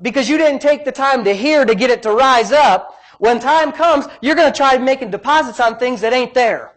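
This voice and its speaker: A man's voice: extremely high pitch, normal speed. A male pastor preaching a sermon in an emphatic, repetitive way, often breaking in with praise. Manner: emphatic, repetitive, frequent "praise God" interjections.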